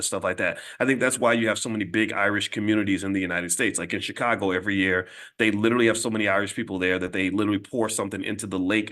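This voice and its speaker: A middle-aged man hosting his own channel, telling stories in a blunt, animated casual monologue. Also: lowish voice. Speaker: host.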